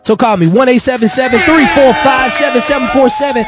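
A man's voice: extremely high pitch, fairly quick, loud music behind the voice. A man hosting a radio talk show, blunt and heartfelt, talking plainly about faith. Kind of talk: casual radio talk and prayer.

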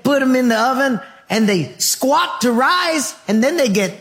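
A folksy male ranch cook with a slow, drawling rural way of talking, put on by a preacher. He jokes easily and speaks in a fairly high voice. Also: expressive, a bit bright, heavily acted. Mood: joking.

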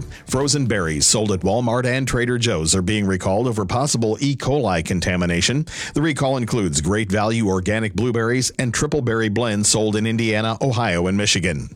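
A man reading a brisk trending news update on the radio. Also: fairly low pitch, dry recording. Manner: brisk, measured delivery. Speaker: news reader.

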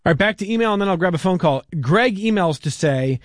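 Male radio host, raised pitch, dry close sound, conversational, reads listener mail. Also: animated, fast, dry recording. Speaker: radio talk show host. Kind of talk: radio call-in interview.

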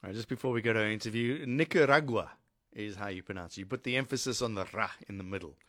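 A man's voice: on the low side, rapid-fire, a bit bright, no room sound, studio quality. A man presenting live radio, chatty and thinking aloud, often restarting his sentences. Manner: chatty, restarts and repeats words, muses aloud. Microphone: studio mic.

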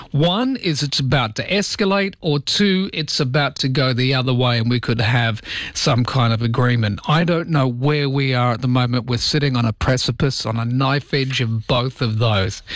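A man's voice: medium pitch, no echo. Chatty man hosting a morning show. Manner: chatty, wry, mock-dramatic asides. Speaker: show host. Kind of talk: casual morning show monologue.

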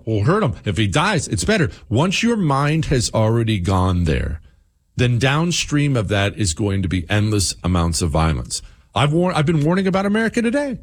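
Impassioned man ranting with swooping pitch. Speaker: political talk show host. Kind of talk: political commentary monologue.

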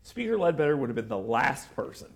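A man hosting a political talk show, chatting casually, animated and joking, with frequent restarts. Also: medium pitch, fast talker, gravelly, husky.

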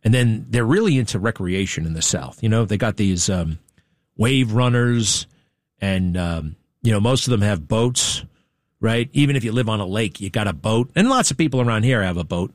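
A man's voice: fairly low pitch, animated, moderate pace, no room sound. A man hosting a talk show, rambling through a wry, digressive monologue and turning now and then to his studio crew. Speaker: talk radio host. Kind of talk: rambling monologue, casual chat.

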